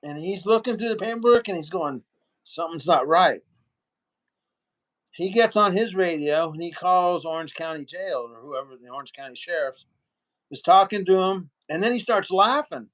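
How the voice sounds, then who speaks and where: A man's voice: high-pitched, moderate pace. A man telling a long story in a casual interview, acting out what other people said. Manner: animated storyteller, acts out other people's lines. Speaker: guest.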